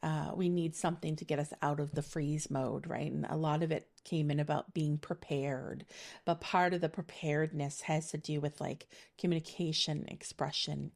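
A middle-aged woman, a spiritual reader, gives a casual monthly energy reading by intuition, chatting and wandering with lots of fillers and easy laughter. Her low voice is creaky and darkish, with a steady tone at a moderate pace.

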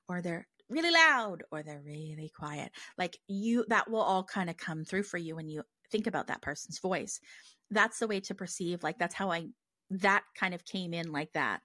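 A woman hosts her own podcast in a casual solo monologue, talking conversationally with many fillers and restarts. Her voice is on the low side with a fairly bright tone, in a dry, studio-quality recording.

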